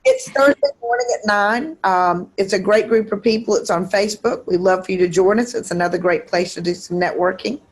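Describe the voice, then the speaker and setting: A woman's voice: medium pitch, a little fast, few pauses. A woman hosting a meeting on a video call, thanking the speaker and making announcements in a chatty way. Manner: friendly, chatty, with fillers. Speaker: host. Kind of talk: casual meeting chat.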